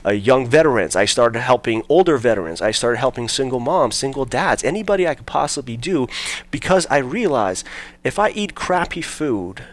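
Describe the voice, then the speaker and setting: A man's voice: mid-range voice, big pitch swings, moderate pace. Earnest man telling his story. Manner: earnest, leans on "basically" and "right?". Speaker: guest. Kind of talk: personal storytelling in an interview.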